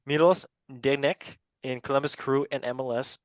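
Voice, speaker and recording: A man's voice: mid-range voice, fairly even intonation, moderate pace, no room sound, rough recording. A man hosting a casual football chat, playful and laughing often as he stumbles over player names. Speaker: podcast host.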